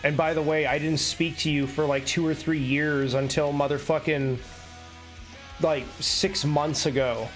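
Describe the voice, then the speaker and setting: A man's voice: a little high, fairly even intonation, measured pace, soft background music. A man live-streaming an unscripted rant, blunt and heated, swearing constantly.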